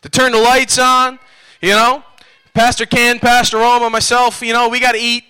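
A male preacher at a church service, urging the crowd on in call-and-response. His voice sits extremely high for a man and rings sharp and piercing. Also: completely flat delivery, normal speed, clear, resonant tone, low-quality recording. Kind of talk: revival sermon.

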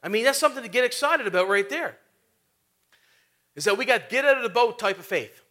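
A man's voice: very high-pitched, lively intonation, brisk, sharp tone. A man preaching a sermon as a pastor, in a conversational way full of rhetorical questions and asides.

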